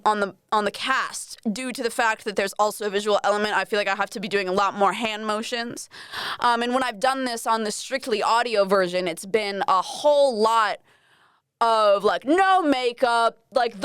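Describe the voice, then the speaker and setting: A young Australian woman hosts a casual solo podcast, rambling, poking fun at herself and swearing freely. Her voice is on the high side, a bit bright, clear and resonant, captured dry with clean studio sound.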